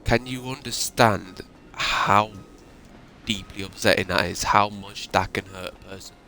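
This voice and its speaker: A man rants to his viewers, upset and emotional, swearing freely. His voice sits low and gravelly, with a bright, forceful edge. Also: measured pace, a little hiss or hum. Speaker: YouTuber. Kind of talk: ranting monologue.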